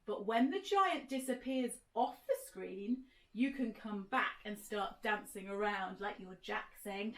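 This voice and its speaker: A woman telling an interactive children's sensory story, gently encouraging listeners to act it out. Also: medium pitch, unhurried, echoey room, poor audio. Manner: gentle, encouraging, directs listeners to move along.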